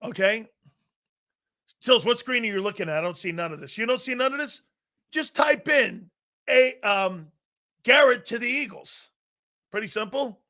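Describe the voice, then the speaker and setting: A middle-aged man hosting a live sports talk show, reading chat messages aloud, laughing often and arguing back loudly. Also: sits high, moderate pace, long pauses. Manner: loud, excitable, laughs often, argues with chat.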